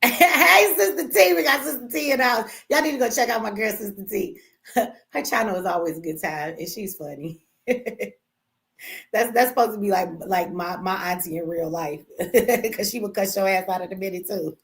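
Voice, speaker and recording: A woman's voice: medium pitch, normal speed, fairly bright tone. An American woman hosting a livestream, talking casually to her chat in a brash, profane, teasing way and laughing often. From United States. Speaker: livestream host.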